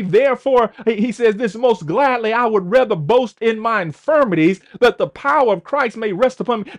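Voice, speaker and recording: A man with a notably high voice preaches an online sermon. He repeats and stammers over words as he builds his points and calls on listeners to type replies in the chat. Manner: repeats and stammers words, asks the congregation to respond. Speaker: pastor.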